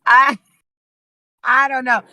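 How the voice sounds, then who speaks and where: Speaking high and level at a slow pace, a Los Angeles guest musician chats casually over video call in a bright, forceful tone. She is talkative and reflective and frequently starts over. The recording is rough but free of echo.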